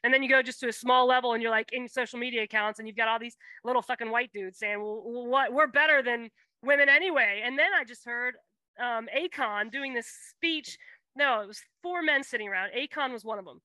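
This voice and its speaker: A woman's voice: on the high side, a little fast, sharp tone, no echo, rough recording. A woman co-hosting a podcast, talking in a casual, indignant and profane way. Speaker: podcast co-host. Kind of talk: casual chat.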